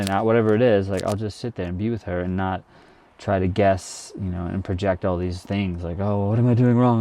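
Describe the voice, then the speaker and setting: A man's voice: sits low, creaky, warm tone. A young man, a new father, talking earnestly and reflectively to his viewers, full of "like" fillers and restarts. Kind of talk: reflective casual monologue to camera.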